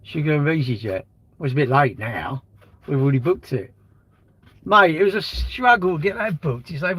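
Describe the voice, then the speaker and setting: Man, fifties, live streamer, rough husky voice, blunt chatty rambling with crude jokes. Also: fairly high pitch, expressive, normal speed, fairly bright tone, dry recording. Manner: rambling, blunt banter with swearing, answers chat comments. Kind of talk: casual live-stream chat.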